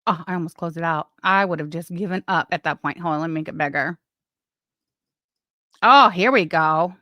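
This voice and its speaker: A woman's voice: lowish voice, normal speed, bright, forceful tone, dry recording, studio quality. A woman hosting a casual livestream, chatting and reading messages with sarcastic asides. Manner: chatty, sarcastic, talks to chat while doing other things. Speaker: livestream host.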